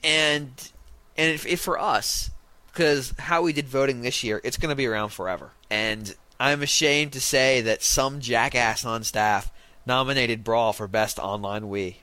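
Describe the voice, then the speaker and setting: A man's voice: mid-range voice, measured pace, bright, forceful tone, no echo. A man co-hosting a casual podcast, teasing his co-host and laughing easily. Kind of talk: casual chat.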